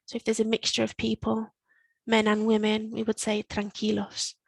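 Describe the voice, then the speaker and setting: A woman teaching Spanish to learners, repeating phrases slowly and explaining them step by step. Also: on the high side, completely flat delivery, vocal fry, breathy edge, no echo, low-quality recording. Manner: slow, careful modelling of Spanish phrases. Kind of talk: recorded language lesson.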